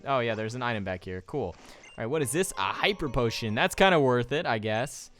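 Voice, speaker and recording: A man's voice: medium pitch, animated, a little fast, a bit bright. A young man casually commenting on his gameplay, rambling and joking as he goes. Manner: rambling, joking, reads game text aloud. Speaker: let's play commentator. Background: faint game music.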